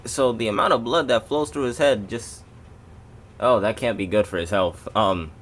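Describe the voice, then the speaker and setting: Guy rambling through a toy review, lowish voice, jokey asides, faint hiss on the camera mic. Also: normal speed, a bit bright. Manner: rambling, self-interrupting, jokey asides to viewers. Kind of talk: casual toy review vlog.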